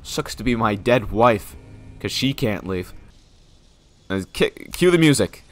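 A young man streaming a game, giving casual running commentary that jumps between muttered asides and loud yelps. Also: fairly low pitch, measured pace, faint music behind. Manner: excitable, swings from mumbling asides to loud yelps and laughter. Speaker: gaming streamer. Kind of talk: casual let's-play commentary.

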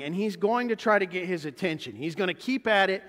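A man preaching a sermon as pastor, animated and acting out the voices he quotes. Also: high voice, a little fast. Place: church sanctuary. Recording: church hall reverb.

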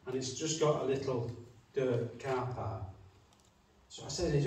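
A man's voice: mid-range voice, unhurried, a little mellow. A middle-aged man, preaching a sermon in a chatty storytelling way and acting out the quotes he tells. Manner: chatty anecdotes with acted-out quotes. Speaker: pastor. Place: church hall. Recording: echoey church hall from far off.

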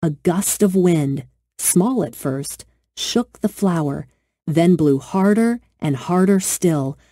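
A woman narrating a children's storybook with gentle, expressive storytelling. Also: lowish voice, slow, no echo, studio quality.

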